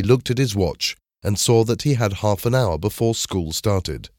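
A man narrating a children's story in a clear, measured reading style. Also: fairly low pitch, animated, a little mellow, dry recording, studio quality.

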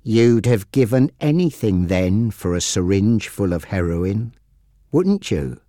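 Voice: low-pitched, very animated, slow pace, dry recording, studio quality, voice pushed down, heavily acted. A storyteller voicing Frankie, a mean and scheming male gang boss who barks orders and sneers at his victim. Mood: sneering. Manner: shouting, sneering.

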